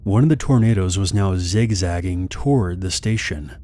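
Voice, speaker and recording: Deep-voiced male horror narrator. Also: normal speed, dark tone. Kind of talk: scripted narration.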